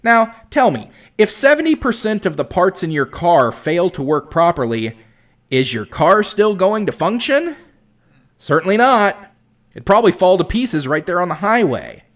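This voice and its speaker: A man's voice: sits high, very animated, normal speed. A man hosting a commentary video, responding to a clip in a sarcastic, exasperated, lecturing way.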